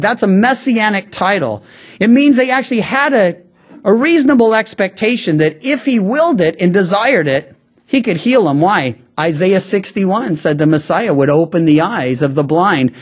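A pastor delivering a sermon in a middle-pitched voice, talking to the congregation like a conversation rather than a speech. The delivery is full of small restarts and repeated words. On the key lines the pace drops to a slow, deliberate emphasis. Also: sing-song, husky. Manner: conversational preaching, slowing down on key phrases; frequent restarts and stammered repeats.

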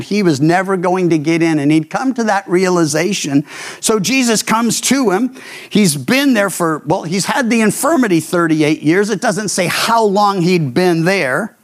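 High-voiced man preaching a sermon. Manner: conversational Bible teaching with frequent restarts. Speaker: pastor.

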